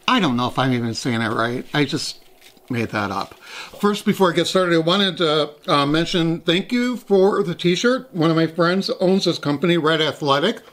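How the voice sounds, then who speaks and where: A man's voice: on the high side, lively intonation, moderate pace, a bit bright. A man hosting a casual taste-test vlog, talking in a chatty, rambling way and poking fun at himself. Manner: chatty, rambling, self-deprecating. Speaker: host.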